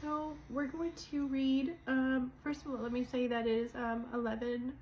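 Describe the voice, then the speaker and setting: A woman's voice: sits high, flat delivery, normal speed, darkish tone, a little hiss or hum, low-quality recording. A woman talking casually and emotionally to her viewers about her faith, rambling and apologizing as she goes. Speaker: co-host of a religious channel.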